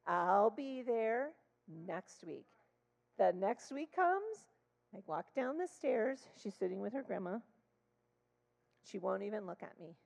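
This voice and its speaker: A woman speaking in church as a child therapist, telling a story with animated acted-out dialogue. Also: mid-range voice, slow pace, gravelly. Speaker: child therapist sharing testimony. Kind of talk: storytelling sermon. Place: church sanctuary. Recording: long hall reverb.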